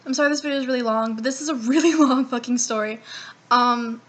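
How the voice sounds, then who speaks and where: A woman's voice: on the high side, fast. A young woman vlogger casually retelling a long personal story, swearing often and acting out what people said. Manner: profane, rambling, animated retelling with quoted dialogue.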